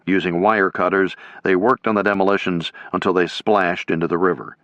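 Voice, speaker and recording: Man, audiobook narrator, measured scripted reading, dry close mic, muffled lo-fi. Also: low voice, steady tone, fairly bright tone, no room sound. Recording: dull lo-fi.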